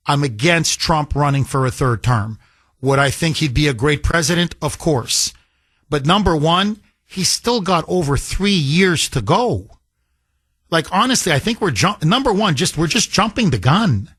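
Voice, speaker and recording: Man, radio host, political monologue, emphatic, slightly high voice. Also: animated, moderate pace, a bit bright, breathy edge, no echo. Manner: emphatic, confessional, repeats phrases for effect. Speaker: radio talk show host.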